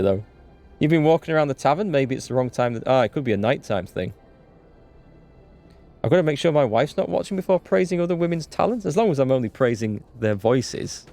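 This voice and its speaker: A man hosting a live game playthrough, chatty and excitable, greeting viewers in chat. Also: mid-range voice, gravelly. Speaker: let's play host. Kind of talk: live gameplay commentary. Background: faint game music.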